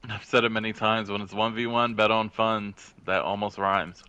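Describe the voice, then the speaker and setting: Bright-voiced man co-commentating a game. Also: lowish voice, moderate pace, clean tone, no echo, highs cut off. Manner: relaxed, joking play-by-play. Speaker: tournament co-commentator. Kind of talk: casual gaming commentary.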